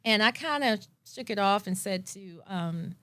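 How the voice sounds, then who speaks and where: A woman telling her own story in a lively way, acting out her past thoughts. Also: mid-range voice, a little slow, dry recording. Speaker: guest. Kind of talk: personal storytelling.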